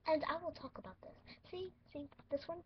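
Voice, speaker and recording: A woman voicing a goofy male duck doctor in a toy role-play, speaking loudly and slowly in a showy way. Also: high-pitched, highs cut off, a little hiss or hum, natural voice. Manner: loud, slow, showy bedside talk.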